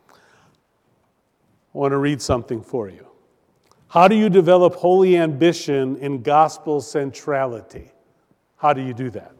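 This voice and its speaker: A man's voice: on the high side, a little mellow, in a large hall. A man preaching a sermon as pastor, earnest and emphatic, stretching out key phrases.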